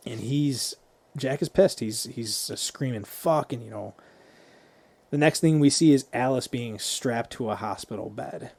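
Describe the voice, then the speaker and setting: Casual man recapping a film, mellow dry voice. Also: mid-range voice, unhurried, gravelly, no echo. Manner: swears freely while retelling scenes. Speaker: podcast co-host.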